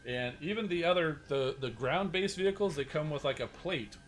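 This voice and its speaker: A man's voice: fairly high pitch, moderate pace, soft background music. A man hosting a casual livestream, showing off collectible figures in a rambling style with many fillers and restarts. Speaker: toy collector and channel host. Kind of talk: casual livestream show-and-tell.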